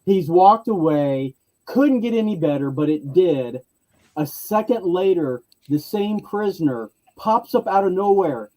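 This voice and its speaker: A man telling a convention story in casual chat, lively, acting out other people's lines in varied voices. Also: fairly high pitch, a little slow, low-quality recording.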